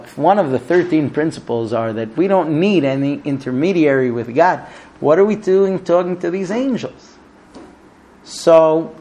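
A man with a fairly high voice leads a Talmud class, telling stories and working through questions. His delivery is animated, with big swings of intonation and casual restarts and fillers. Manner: animated, storytelling with vivid intonation. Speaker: Torah teacher.

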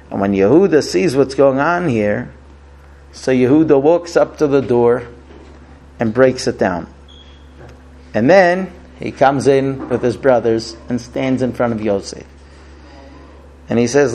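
High-voiced guy retelling an old story to a class, animated, lots of ums. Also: measured pace. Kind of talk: casual retelling of a scripture story.

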